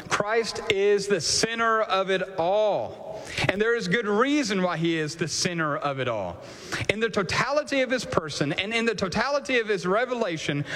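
A man preaching a sermon in a measured, earnest way, asking emphatic rhetorical questions and closing in prayer. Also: high voice, fairly bright tone. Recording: long hall reverb.

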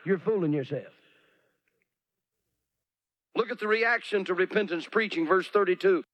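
A man's voice: high voice, lively intonation, normal speed, pauses often, dry recording, highs cut off. A man preaching a dramatic sermon, often mocking others in put-on voices.

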